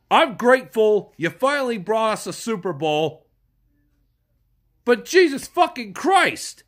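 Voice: medium pitch, big pitch swings, measured pace. An irate fan ranting and swearing about their team, sounding stuffed up from a cold. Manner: furious, yelling and swearing. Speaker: sports fan vlogger. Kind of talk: angry profane rant.

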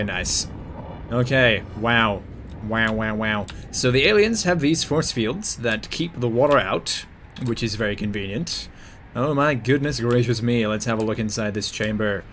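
A young man talks through a game at his desk mic in a middle-pitched voice, joking and muttering to himself. He yelps and panics when something startles him, then settles back into casual chatter. A faint hiss sits under the recording. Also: unhurried. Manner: excitable, jokey, yelps and mutters while playing. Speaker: gameplay commentator. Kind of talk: casual let's-play commentary.

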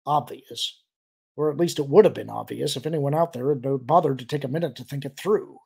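Audiobook narration: a man with a gravelly, husky voice, steady storytelling. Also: mid-range voice, fairly quick.

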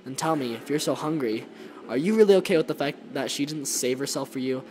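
Vengeful shadow spirit woman, a man reading her, taunting, cold, middling pitch, noisy mic. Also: lively intonation, a little fast, a little mellow, lightly acted.

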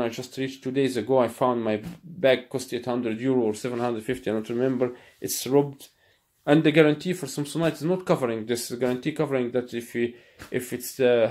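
A man's voice: mid-range voice, darkish tone. Angry man ranting in broken English. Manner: angry, repetitive, halting non-native English with profanity. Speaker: vlogger. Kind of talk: ranting to camera.

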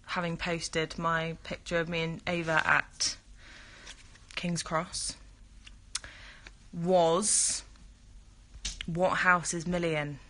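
A woman with a bright, forward voice chats casually on a phone livestream, reading out and answering fan comments. She sounds like she is indoors in a bedroom, close to the phone. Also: fairly low pitch, flat delivery, slow pace, pauses often. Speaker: livestream host.

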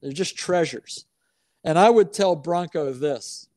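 Measured American coach, slow and emphatic. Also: male voice, a little high, darkish tone, no echo. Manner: slow, deliberate, emphatic phrasing with pauses. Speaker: basketball coach, interview guest. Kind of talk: reflective storytelling answers.

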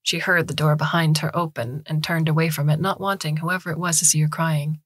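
A woman reads a short story aloud in a measured, steady voice. Her tone is low and husky. The recording is close and dry, with no room sound. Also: no echo. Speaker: story reader. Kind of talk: scripted narration.

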